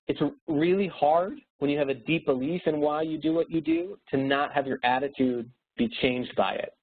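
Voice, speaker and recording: A man's voice: fairly high pitch, moderate pace, hardly any pauses, husky. A man in his thirties giving a motivational webinar talk, earnest and upbeat, coaching his listeners with anecdotes. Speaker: webinar speaker. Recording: phone-like narrow sound.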